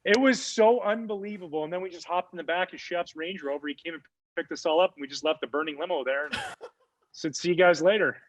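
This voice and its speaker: A man in his forties who used to play ball guests on a podcast, talking briskly in a slightly high voice. He tells his story in a lively, easygoing way, with frequent fillers.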